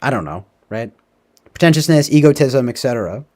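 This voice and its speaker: A man's voice: mid-range voice, expressive, normal speed, darkish tone. A man hosting a casual livestream, rambling and profane, tagging his thoughts with "like" and "right?". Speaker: livestream host. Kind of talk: casual livestream movie talk.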